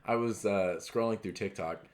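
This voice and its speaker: Young man, low voice, casual podcast chat, filler-heavy storytelling. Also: moderate pace, slight background noise. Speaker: podcast co-host.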